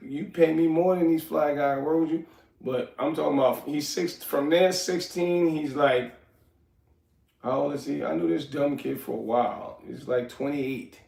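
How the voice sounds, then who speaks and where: A middle-aged man chats on his livestream in a loose, rambling, streetwise way, often turning to his viewers. His voice sits a little high for a man. The room around him is echoey. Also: recorded from a distance. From New York. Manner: rambling, streetwise, talks to the chat. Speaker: livestream host. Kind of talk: casual livestream chat.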